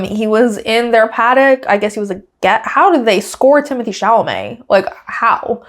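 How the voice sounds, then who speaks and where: A woman hosting her podcast, recapping a race weekend in casual, giggly chat and acting out quotes in raised voices. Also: fairly high pitch. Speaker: podcast host.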